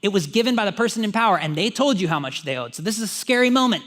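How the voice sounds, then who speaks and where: Pastor guy, kinda high voice, chatty sermon w/ jokes to the crowd. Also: expressive, racing, fairly bright tone. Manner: conversational, joking asides to the congregation. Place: church.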